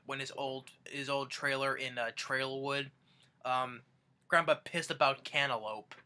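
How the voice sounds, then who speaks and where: A young man chats through a countdown of his favorites, rambling and backtracking mid-sentence. His voice sits a little high and sounds bright and sharp. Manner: rambling, restarts sentences often. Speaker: fan vlogger. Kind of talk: casual countdown retelling.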